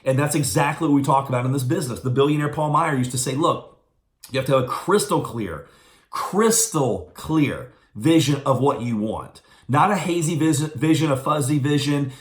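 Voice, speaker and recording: A man giving a motivational business training, telling stories fast and with energy. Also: a little high. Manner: fast, animated storytelling. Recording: echoey room.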